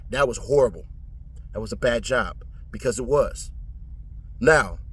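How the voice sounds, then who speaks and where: Man, higher-pitched voice, casual commentary, slangy, profane, blunt, sudden emphatic pitch jumps. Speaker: trial commentator.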